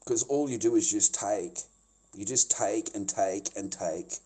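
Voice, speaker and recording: A man's voice: lowish voice, measured pace, mellow, husky. A middle-aged man ranting angrily on a livestream, swearing and repeating himself. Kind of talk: angry livestream rant.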